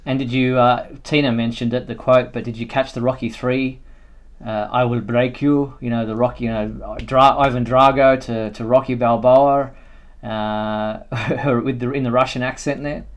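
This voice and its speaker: A man's voice: medium pitch, flat delivery, moderate pace. A man hosting a live fan show, chatting casually and thinking aloud with plenty of fillers. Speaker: host.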